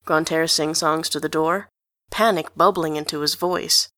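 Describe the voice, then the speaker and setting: A woman narrating a storybook reading at a measured, even pace. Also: sits low, no room sound, clean studio sound. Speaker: audiobook reader.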